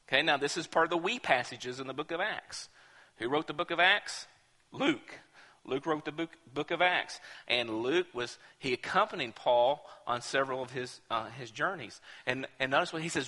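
A man's voice: fairly high pitch, lively intonation, normal speed, pushed and bright. A male pastor preaching a sermon with emphasis, often repeating words as he builds a point. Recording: echoey hall.

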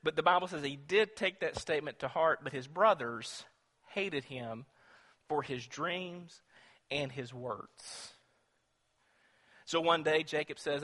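Bright-voiced preacher in a reverberant church. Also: male voice, fairly high pitch, unhurried. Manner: animated storytelling, acts out quotes, questions the congregation. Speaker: pastor. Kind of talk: sermon. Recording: long reverb in a church hall.

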